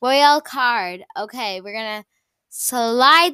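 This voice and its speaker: A young woman giving casual gameplay commentary, excitable and gushing, often repeating herself and restarting. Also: fairly high pitch, unhurried, clean tone, no room sound, clean studio sound. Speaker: gaming YouTuber.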